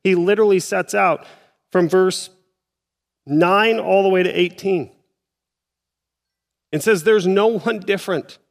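A man's voice: sits high, unhurried, vocal fry, long pauses, in a large hall. A male pastor preaching a sermon in a church, speaking in a conversational way and acting out his listeners' doubts. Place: church auditorium.

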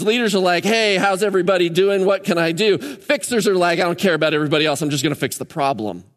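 A male pastor giving a conversational sermon, acting out quoted voices as he talks to the congregation. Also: high voice. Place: church sanctuary. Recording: long church hall reverb.

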